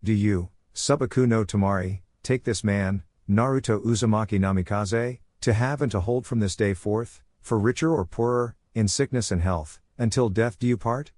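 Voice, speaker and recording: A flat, monotone young man leads a wedding ceremony, read by a man. His voice sits low and dry, with no room around it. It stays steady and unmoved throughout. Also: moderate pace, few pauses, dry recording, natural voice. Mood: solemn.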